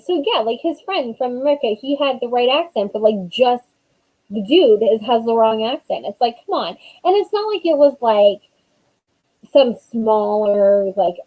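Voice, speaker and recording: A woman's voice: medium pitch, narrow, tinny audio. A woman in her thirties, an author chatting casually on a live stream, rambling with lots of fillers.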